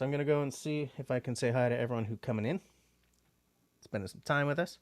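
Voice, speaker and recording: A man's voice: mid-range voice, fast talker, no room sound. A man hosting a livestream, chatting casually and rambling with frequent filler words. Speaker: livestream host.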